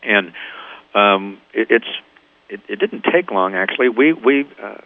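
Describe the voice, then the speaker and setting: An older man from Kansas talks through a tinny phone line, his voice sitting a little low. He tells his band's story as a guest, acting out the people in it. It sounds like a radio phone interview. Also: unhurried, no room sound. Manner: lively storyteller, acts out quoted voices. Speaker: band founder, guest.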